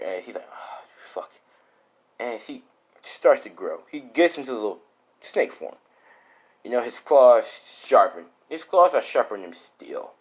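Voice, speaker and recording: A man improvising a fan-made story out loud, rambling and full of fillers. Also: mid-range voice.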